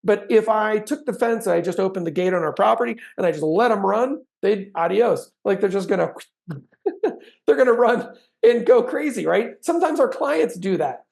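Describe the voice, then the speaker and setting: A man giving an animated sales training talk, acting out client conversations with bursts of energy. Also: high voice, moderate pace, gravelly. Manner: animated, acts out sales dialogues with big swings in energy.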